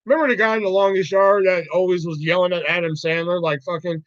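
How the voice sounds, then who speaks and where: A man with a notably high voice chats loosely on his own livestream, swearing often and wandering from point to point. The sound is dry and close, with no room around it, but muffled and lo-fi. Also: fast talker, hardly any pauses, a bit bright, no echo. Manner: rambling, profane, laughs often. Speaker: livestream host. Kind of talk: casual livestream chat.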